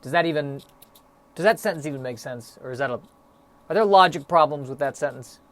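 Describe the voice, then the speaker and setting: This young solo podcast host muses in a self-mocking, halting ramble full of fillers, sounding slightly winded. His pitch is fairly high and his delivery brisk and a bit bright.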